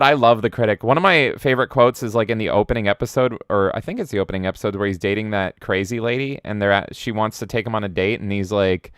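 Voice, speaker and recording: Excitable swearing male streamer, clear dry voice. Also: lowish voice, fast talker, few pauses, dry recording. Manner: excitable, swears, jumps into loud silly voices. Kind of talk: casual live-stream chat reading viewer comments.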